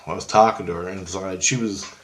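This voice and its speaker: A man vlogging a casual, rambling story, excitedly quoting both sides of a conversation. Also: deep voice, brisk. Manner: rambling, excitable, keeps quoting back and forth.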